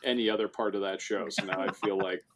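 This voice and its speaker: A man guesting on a podcast, chatting in a relaxed, wry way. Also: low voice, fast, crowd noise. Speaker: guest film director. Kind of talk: casual chat.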